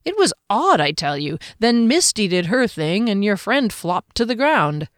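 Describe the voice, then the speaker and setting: A woman's voice: medium pitch, big pitch swings, a little slow, no room sound, studio quality, voice pushed up. A woman voicing a blunt, casual-talking male soldier with slangy, wry speech.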